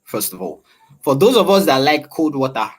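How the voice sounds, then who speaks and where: A man, a voice-over artist, explaining voice training in an interview with a velvety, animated delivery and frequent questions to the listener. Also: a little high, moderate pace, breathy edge.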